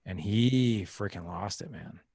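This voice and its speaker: A man's voice: lowish voice, measured pace, darkish tone, no room sound, clean studio sound. A man in his thirties, a podcast guest, telling a parenting story in an earnest, casual way and acting out the quoted lines. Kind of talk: casual interview talk.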